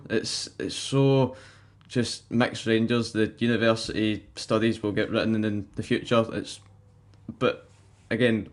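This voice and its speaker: A man hosting a football podcast in a loose, jokey way. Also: fairly low pitch. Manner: jokey, loose, leads the chat. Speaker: podcast host.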